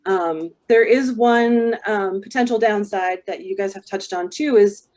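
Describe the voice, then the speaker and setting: A woman book coach talks through a writer's worry in a casual, thoughtful way. She pauses often with ums and restarts her sentences, her voice sitting at a middle pitch. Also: a little mellow. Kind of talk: casual advice chat.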